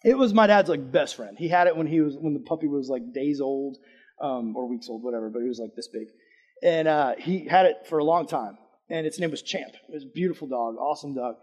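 A man with a fairly high pitch and a breathy edge speaks a little fast. He gives a casual, conversational sermon, questioning the audience and recounting a personal story, lively as he moves between loud emphasis and whispered asides.

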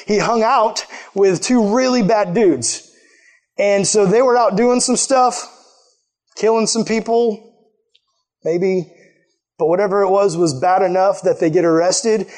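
A man preaching a casual sermon, telling a story and acting out quotes in lively put-on voices. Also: high voice, measured pace, pauses often. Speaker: pastor.

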